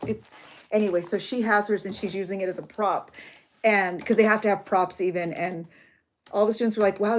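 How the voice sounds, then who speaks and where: A middle-aged woman, hosting a journaling vlog in a chatty, emotional way. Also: fairly low pitch. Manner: chatty, emotional, tearful at times. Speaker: journaling channel host. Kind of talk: chatty crafting vlog talk.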